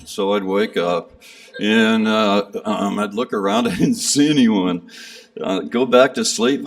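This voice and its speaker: A man's voice: on the low side, sing-song, slow pace. A man casually recounting a pilgrimage to a gathering, rambling and self-deprecating with many fillers. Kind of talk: casual storytelling talk. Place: gathering hall. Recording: speaker somewhat far from the mic.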